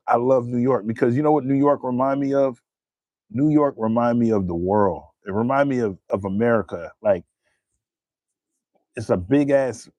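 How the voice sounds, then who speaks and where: A young man from New Jersey with a New Jersey accent, chatting casually on a live stream, animated and profane, laughing often. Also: medium pitch, no room sound.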